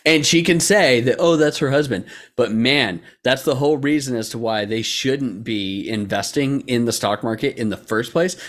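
A man's voice: mid-range voice, moderate pace, hardly any pauses, fairly bright tone. A man in casual podcast chat, profane and laughing often. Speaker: podcast co-host.

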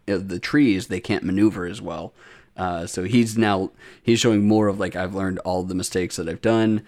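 A man's voice: low-pitched, darkish tone. Rambling young man recapping an episode. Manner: rambling recap with many fillers, restarts and laughs. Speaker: podcast co-host recapping an anime episode. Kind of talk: casual chat.

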